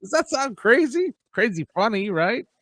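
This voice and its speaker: A man's voice: very high voice, sing-song, normal speed, fairly bright tone, dry recording. Chuckling man hosting a morning show. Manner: chuckling, teasing banter. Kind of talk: casual comedy show hosting.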